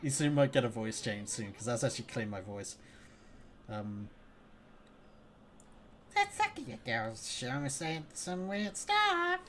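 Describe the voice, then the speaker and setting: A woman with a low voice, commenting on a game as she plays. Her delivery is chatty and jokey and swings a lot in pitch. She reacts aloud to everything on screen. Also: very animated, slow, long pauses, a bit bright, slight background noise. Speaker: let's play gamer. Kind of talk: casual gameplay commentary.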